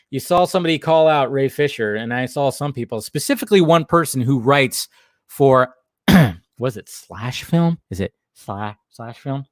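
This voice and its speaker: A man giving casual live commentary on film footage as an online host, animated and exclamatory, swearing freely as he talks. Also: mid-range voice, measured pace, no echo, clean studio sound.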